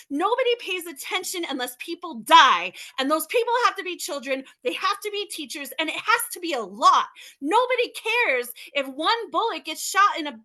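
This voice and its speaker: A woman's voice: very high voice, pushed and bright. A mother hosting a podcast over a video call, speaking with emotional outrage and firing off rhetorical questions. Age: young adult to middle-aged, a mother. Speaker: podcast host. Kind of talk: impassioned talk on a video call.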